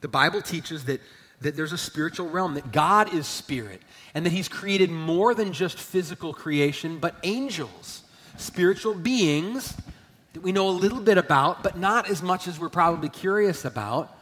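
A man preaching a sermon as a pastor, emphatic, swelling loud and then dropping low. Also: moderate pace. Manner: emphatic preaching, rising and falling in volume. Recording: long church hall reverb.

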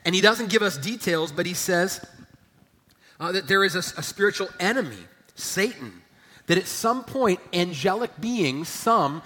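Pastor guy preaching, gets loud then goes quiet, bright voice, big echoey hall. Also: high-pitched, expressive, normal speed. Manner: emphatic preaching, rising and falling in volume. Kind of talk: sermon. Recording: long church hall reverb.

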